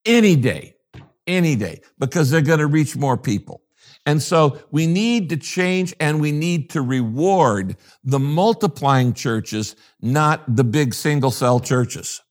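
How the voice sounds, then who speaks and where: A man's voice: fairly high pitch, takes it slowly. An older man, a pastor from the United States, talking in an interview in an emphatic, preacherly way and repeating his key phrases. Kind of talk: interview conversation.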